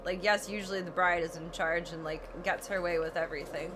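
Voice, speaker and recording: A woman's voice: on the low side, steady tone, quick pace, background noise. A woman streaming a video game, chatting casually, swearing freely and breaking into laughing shrieks. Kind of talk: casual gameplay chat.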